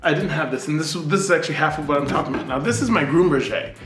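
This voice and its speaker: A man, a double bass player, chatting casually to camera at night in his apartment, rambling and poking fun at himself. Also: rapid-fire, fairly bright tone, roomy sound, faint music behind. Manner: chatty, rambling, self-mocking.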